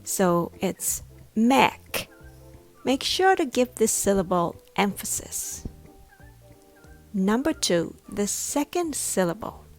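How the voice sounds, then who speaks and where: A woman's voice: medium pitch, big pitch swings, soft background music. A woman pronunciation coach giving a scripted lesson, sounding out each syllable carefully. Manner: slow, deliberate, sounding out syllables.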